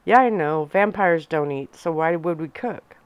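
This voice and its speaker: A calm, protective vampire father who speaks in a gentle, measured way, voiced by a woman. His voice sits fairly low and comes through smooth and clean. It is part of a soft ASMR storybook reading. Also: no room sound, dull audio.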